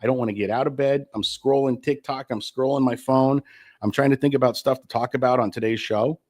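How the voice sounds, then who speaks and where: A man's voice: medium pitch, fairly even intonation, a little fast, darkish tone. A middle-aged man getting over the flu and short of breath, hosting his own live-streamed talk show in a candid, rambling way and swearing freely.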